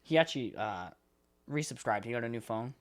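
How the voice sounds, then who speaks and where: A young man co-hosts a podcast in loose, casual chat. He rants with lots of swearing and slips into exasperated voices as he acts out frustrating phone calls, his pitch leaping up and down. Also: lively intonation, fairly quick. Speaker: podcast co-host.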